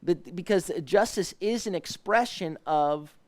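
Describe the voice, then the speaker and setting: A pastor leads a live devotional Bible study, a man with a somewhat high voice. He reads verses softly and pleadingly, then explains Hebrew words with frequent restarts and fillers. The recording is dry and close, with no room sound. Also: unhurried, dry recording.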